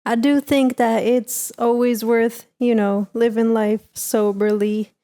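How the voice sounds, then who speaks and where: A woman co-hosting a casual chat, speaking in a measured, thoughtful way. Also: on the high side, little pitch movement, dark tone. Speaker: co-host.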